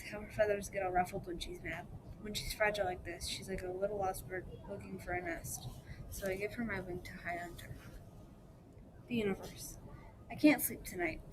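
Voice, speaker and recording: A woman's voice: mid-range voice, a little fast. A woman reading a novel aloud in first-person narration, plainly, with small slips she corrects. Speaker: reader. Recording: steady background noise.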